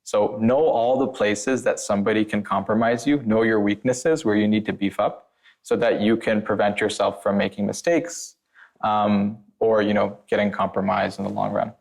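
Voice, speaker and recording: A man's voice: fairly low pitch, flat delivery, moderate pace, vocal fry. A man, a former penetration tester, talking as a podcast guest in a casual, rambling way, full of filler words and blunt warnings. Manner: blunt and emphatic.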